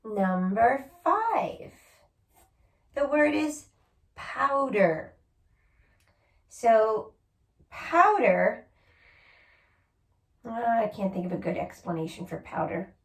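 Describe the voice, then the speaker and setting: A rather high-voiced woman teacher leads a children's spelling lesson, sounding out each word slowly and patiently, letter by letter. Her voice rings around an echoey room. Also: sing-song.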